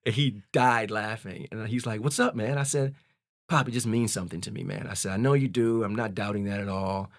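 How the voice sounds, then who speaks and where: A man in his forties, a podcast guest telling a personal story in a candid, animated way. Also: fairly low pitch, a little fast, no echo, studio quality. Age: 40s. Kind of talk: casual storytelling.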